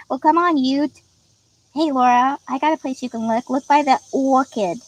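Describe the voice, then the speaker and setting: A woman's voice: high voice, measured pace, poor audio. Giggly chatty woman reading viewer comments. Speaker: livestream host. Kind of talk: casual livestream chat reading viewer comments.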